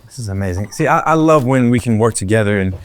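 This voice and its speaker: A man's voice: lowish voice, lively intonation, quick pace, smooth. A male guest singer playing along in an easygoing way during a comedic interview bit.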